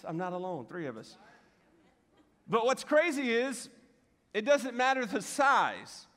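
A man preaching a humorous sermon to a church audience, telling funny stories in a joking, animated way. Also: high-pitched. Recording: hall reverb.

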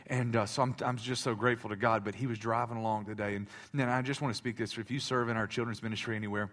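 A male pastor in his thirties preaching a sermon, swinging between loud impassioned preaching and soft confiding talk, with many stammering restarts. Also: medium pitch, steady tone, quick pace.

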